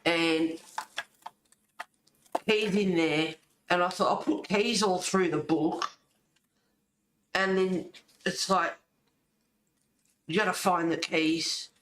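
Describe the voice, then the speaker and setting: A woman's voice: fairly low pitch, fairly even intonation, slow pace, pauses often, fairly bright tone, slight background noise. A woman chatting casually in a craft vlog, rambling and laughing often as she shows her work. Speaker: colouring and junk-journal vlogger. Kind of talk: casual chat showing crafts. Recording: echoey room.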